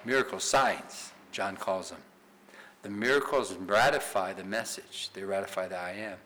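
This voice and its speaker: Guy preaching a bible study, bright punchy voice, keeps going "right?" and asking questions. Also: sits low, moderate pace, slight background noise, rough recording. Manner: emphatic, rhetorical questions with frequent "right?" tags. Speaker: pastor teaching a Bible study. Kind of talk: sermon-style Bible teaching.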